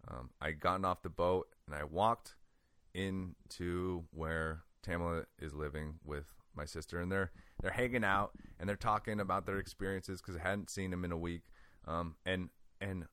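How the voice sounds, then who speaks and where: A guest with a very low voice tells a personal story in loose, animated talk at a moderate pace, laughing often and saying "like" a lot. His tone is clear and resonant. The recording is dry and close, with no room sound.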